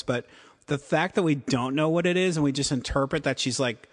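A man's voice: fairly high pitch, moderate pace, long reverb tail. A man co-hosting a casual chat about TV episodes, rambling and acting out quotes. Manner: rambling, acts out quotes, frequent "like". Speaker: podcast co-host.

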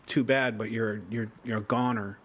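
A man's voice: fairly low pitch, fairly even intonation, moderate pace, husky. A man on a podcast panel giving a blunt, wry take on a TV plot, heard from a little further from the mic than the hosts. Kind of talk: casual TV recap chat.

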